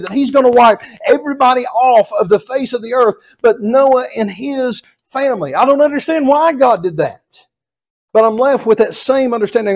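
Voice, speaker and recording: A male pastor with a Southern US accent, preaching an expository sermon in an earnest, repetitive cadence. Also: very high-pitched.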